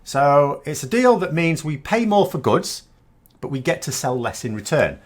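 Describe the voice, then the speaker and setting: A man's voice: on the high side, sing-song, moderate pace. A British man hosting a political commentary channel, delivering a scornful, sarcastic monologue with emphatic points.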